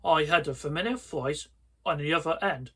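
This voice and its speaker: A man reading a children's horror story aloud, slowly and deliberately, often restarting his words. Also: on the high side, a bit bright, slightly rough.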